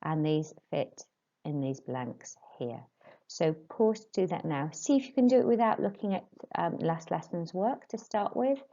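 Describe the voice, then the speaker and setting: A woman teacher giving brisk, friendly instructions in a recorded language lesson. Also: lowish voice, lively intonation, mellow. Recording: dull lo-fi audio.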